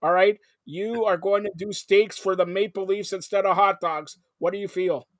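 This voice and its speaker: A male host on a live sports talk show, excitable and jumping between topics with loud outbursts. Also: sits high, normal speed, no echo, clean studio sound.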